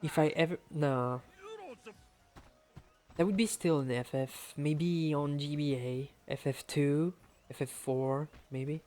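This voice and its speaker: A man's voice: on the high side, steady tone, takes it slowly, a little mellow. A man from France with a French accent, chatting casually and laughing often as he streams a speedrun. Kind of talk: casual live-stream commentary.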